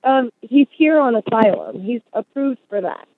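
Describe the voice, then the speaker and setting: A woman calling in to ask a question, hesitant and pausing with ums, heard over a phone line. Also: on the high side, animated, no echo. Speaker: caller.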